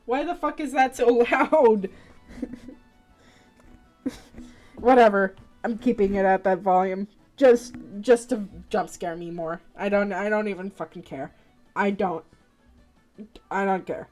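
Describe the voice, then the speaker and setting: A woman's voice: mid-range voice, a little slow, darkish tone, soft background music. A woman streamer chatting casually on a live stream, rambling, swearing freely and laughing often.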